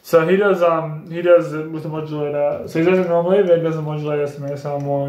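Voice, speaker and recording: A man's voice: on the high side, fairly even intonation, fast, few pauses, darkish tone. A young man chatting casually in a vlog, explaining voice impressions in a rambling, repetitive way. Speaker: YouTuber doing voice impressions. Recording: echoey room.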